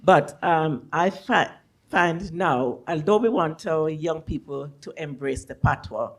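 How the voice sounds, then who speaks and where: A woman's voice: deep voice, animated, slow. An older woman, from Jamaica, asking a question from the audience in a chatty, reminiscing way. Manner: chatty, reminiscing, many fillers. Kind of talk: question from the floor.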